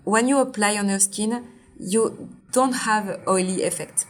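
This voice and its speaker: A woman in her forties from Martinique, speaking with a French accent, is a brand founder explaining her products in an interview, earnestly and step by step. Her voice is medium-pitched and a little slow.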